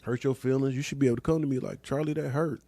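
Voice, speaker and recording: A man's voice: mid-range voice, fairly even intonation, racing, mellow, dry recording. A middle-aged man hosting a casual chat show, talking loosely in slang and laughing often. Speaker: podcast host.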